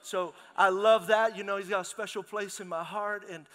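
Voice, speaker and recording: A middle-aged man preaching a sermon as pastor, telling lively stories and calling out to his congregation. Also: high voice, normal speed. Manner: lively storytelling, calls out to the congregation. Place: large church hall. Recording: long hall reverb in a church.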